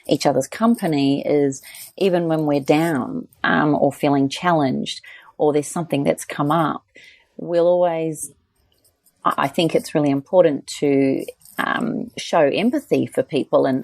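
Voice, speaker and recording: Earnest rambly woman on a podcast, low voice, bit of fry, acts out quotes. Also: moderate pace, darkish tone, dry recording. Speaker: podcast co-host. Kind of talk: casual podcast chat.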